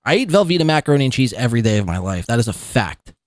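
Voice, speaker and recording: A man's voice: medium pitch, big pitch swings, very fast, no echo, studio quality. A man in his thirties hosting a podcast, giving mocking, sarcastic commentary on clips. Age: 30s. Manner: sarcastic, derisive, repeats words for laughs. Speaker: podcast host.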